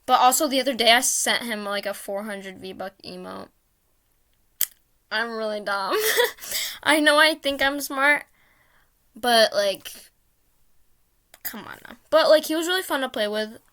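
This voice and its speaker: A woman's voice: a little high, measured pace, long pauses, sharp tone. A woman vlogger telling a casual, rambling story with lots of fillers, often mocking herself.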